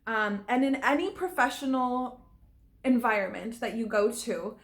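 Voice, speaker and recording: A woman's voice: on the high side, measured pace. A young woman and actress talking to camera in a casual vlog, earnest and a little worked up, breaking into laughs. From California. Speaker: actress and acting vlogger.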